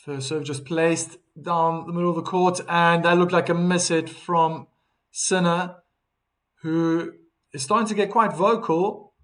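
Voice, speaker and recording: On a live stream, a man calls tennis play-by-play, staying calm between points and perking up on big shots while reading out viewer chat. His voice is slightly high and his pace slightly slow.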